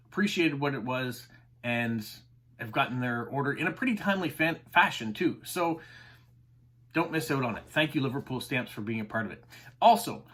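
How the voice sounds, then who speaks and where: A man's voice: medium pitch, a bit bright. A man hosting a stamp collecting channel, chatting enthusiastically to camera and explaining terms, with frequent "uh"s. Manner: enthusiastic, chatty, says uh often. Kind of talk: casual explanatory chat to camera.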